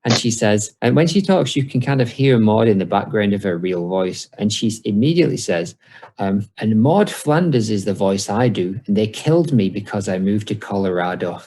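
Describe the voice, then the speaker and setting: A man's voice: on the low side, lively intonation, normal speed, warm tone. A man co-hosting a casual podcast, trading dry banter and reading out mock sponsor spots. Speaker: podcast co-host.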